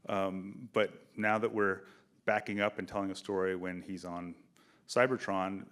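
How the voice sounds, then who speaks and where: A film director answering questions at a festival Q&A, telling production stories and acting out quoted dialogue with energy. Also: male voice, sits low, measured pace. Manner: animated storyteller, acts out quoted dialogue. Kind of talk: festival Q&A interview. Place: theater stage, in front of an audience.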